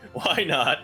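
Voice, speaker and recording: A man co-casting a live esports tournament in laid-back, joking banter with frequent laughs. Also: sharp tone. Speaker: esports co-caster. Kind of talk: casual live commentary banter.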